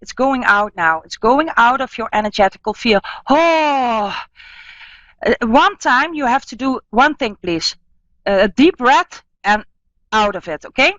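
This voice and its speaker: Woman medium, calm repeating healing talk, slightly high voice, muffled dry audio. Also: no room sound. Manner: soothing, repetitive, halting phrasing. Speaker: medium giving live readings. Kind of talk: spiritual healing reading.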